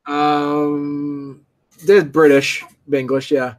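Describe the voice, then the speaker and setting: A man narrating a tabletop game as game master, halting and full of restarts. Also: a little high, level tone, faint music behind.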